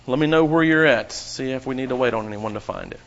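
A man's voice: medium pitch, fast talker, fairly bright tone. Dramatic preacher man, lo-fi sound. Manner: dramatic, rising and falling emphasis, addresses congregation. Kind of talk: sermon.

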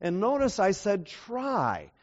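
A man's voice: sits high, huge pitch swings, takes it slowly, highs cut off. A man preaching a sermon to a seminar audience, often checking in with rhetorical questions. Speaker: pastor.

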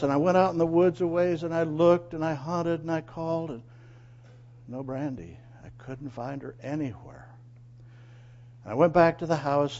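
A man telling a personal moral story in an animated way, asking his listeners questions and acting out quotes. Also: medium pitch, muffled recording. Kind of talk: storytelling sermon.

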